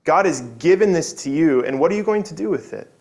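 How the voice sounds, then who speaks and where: Male preacher, slightly high voice, earnest and conversational, restarts often. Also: animated, fast, creaky, a little mellow. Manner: earnest, conversational, frequent restarts and tag questions. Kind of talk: sermon.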